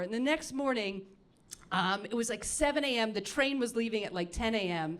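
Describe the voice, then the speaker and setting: A woman comedian on a comedy club stage, telling a personal story in an animated way, with many fillers and acted-out asides. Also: fairly high pitch, a little fast. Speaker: stand-up comedian.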